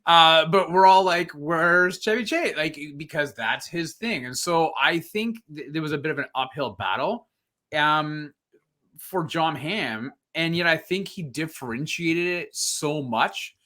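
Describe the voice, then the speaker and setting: A man's voice: on the high side, animated, unhurried, pushed and bright. A man hosting a podcast, chatting casually and animatedly about a movie, rambling and laughing often. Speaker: podcast host. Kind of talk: casual movie review chat.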